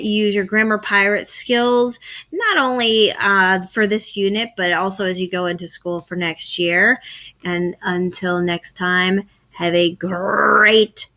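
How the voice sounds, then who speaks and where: A woman's voice: medium pitch, bright, forceful tone. A woman teacher giving a recorded grammar lesson, asking questions and then answering them herself.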